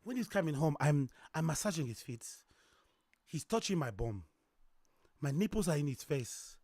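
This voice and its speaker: Guy doing a breathy hushed flirty woman, teasing and coaxing, dry close sound. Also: a little high, big pitch swings, moderate pace, dry recording. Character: flirty seductive woman teasing her lover.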